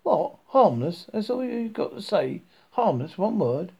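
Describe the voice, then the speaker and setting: A man reading aloud and voicing an indignant, panicky earthman in shrill, exasperated outbursts. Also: very animated, a little fast, breathy edge, highs cut off, exaggerated voice. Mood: outraged.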